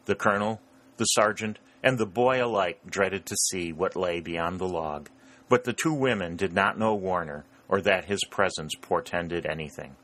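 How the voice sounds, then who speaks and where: A male audiobook narrator with a very low voice and a crisp, forceful edge. He reads in a steady, measured way. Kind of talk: scripted narration.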